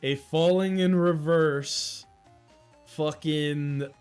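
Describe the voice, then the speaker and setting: A man's voice: fairly high pitch, steady tone, drawn-out words, darkish tone, smooth, soft background music. A man in his thirties hosting a casual livestream, rambling and mocking himself with frequent laughs. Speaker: livestream host.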